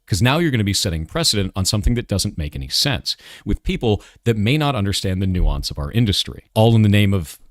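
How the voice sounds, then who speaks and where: A man in a video clip, explaining his position in a firm, argumentative, measured way. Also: fairly low pitch, sing-song, dry recording, clean studio sound. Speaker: commentator in a played video clip.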